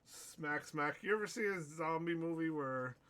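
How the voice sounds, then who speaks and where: A man's voice: on the high side, normal speed, bright, forceful tone. A tipsy man running a casual tabletop game as game master, joking and laughing often. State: tipsy from drinking.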